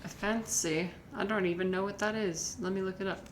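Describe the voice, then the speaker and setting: A woman's voice: mid-range voice, fairly even intonation, a little fast. A woman streamer, chatting casually with viewers in a rambling way, full of fillers and restarts. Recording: echoey room with faint noise.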